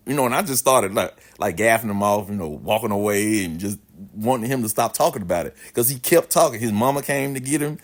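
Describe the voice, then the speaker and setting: Brisk and fairly low-pitched, this man spins an animated, casual yarn full of slang and plenty of swearing, delivered with a lot of expression.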